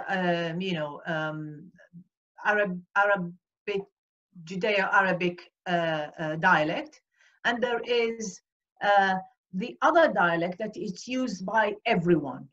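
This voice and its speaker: A woman from Iraq, answering questions at an online event and often pausing to search for words. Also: mid-range voice, a bit bright, muffled recording. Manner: hesitant, searching for words with many fillers. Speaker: guest speaker. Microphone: video call.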